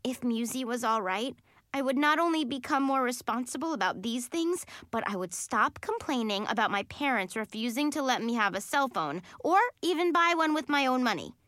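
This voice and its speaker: A woman reading a first-person children's book aloud in an animated, expressive way. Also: sits high, normal speed, dry recording, clean studio sound. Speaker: audiobook narrator.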